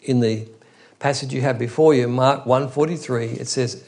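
A man's voice: mid-range voice, fairly even intonation, normal speed, a little mellow. A man preaching an expository Bible teaching in an earnest, emphatic way, often restarting his phrases.

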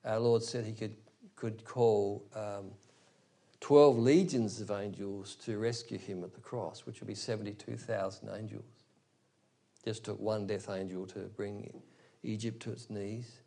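A man's voice: on the low side, steady tone, a little slow, creaky, dark tone. A man preaching a sermon, explaining a scripture passage verse by verse with rhetorical asides to his listeners. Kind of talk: expository sermon.

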